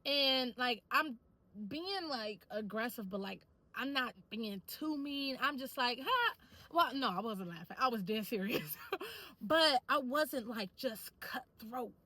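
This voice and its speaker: High, bright-voiced chatty woman vlogger. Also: a little slow, no room sound, low-quality recording. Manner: animated, chatty storytelling with lots of slang. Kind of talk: casual talk to camera.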